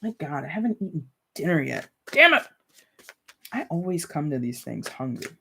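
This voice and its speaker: A tarot reader hosting a relaxed live stream, chatting to viewers as if they were friends. The talk is loose and rambling, full of "like" and "you know", with small laughs mixed in between card readings. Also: mid-range voice, brisk, gravelly, a little hiss or hum. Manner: talks straight to viewers with light laughs.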